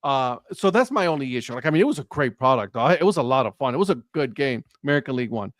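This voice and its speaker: A man on a casual sports talk stream, telling an animated story and acting out the dialogue. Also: medium pitch, fast, no echo, clean studio sound. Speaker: co-host. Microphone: live stream remote mic.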